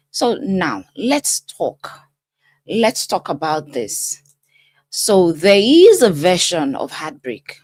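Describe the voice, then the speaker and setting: A middle-aged woman speaks as a life coach to her viewers, slow and deliberate, her pitch rising and falling widely. She talks in an emphatic, direct way. The sound is close and dry, with no room echo. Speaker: life coach and channel host. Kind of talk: casual commentary to camera.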